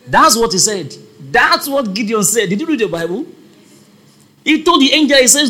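A man preaching a sermon, emphatic and fond of repeating his points as he calls out to the congregation. His voice is high and bright, and it swings widely as he speaks. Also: sing-song, moderate pace.

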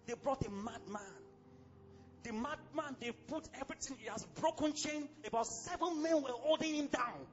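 A man with a Nigerian accent preaching a sermon as pastor, fiery and exclamatory, breaking into sudden shouts. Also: very high voice, normal speed, muffled recording, soft background music.

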